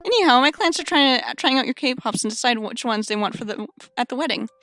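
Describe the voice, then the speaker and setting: A woman's voice: on the high side, expressive, fast talker, a bit bright, no echo, faint music behind. Woman putting on a doting old-lady spider. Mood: cheerful. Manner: doting, calls everyone dearie. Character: giant sweet old-lady spider wedding planner.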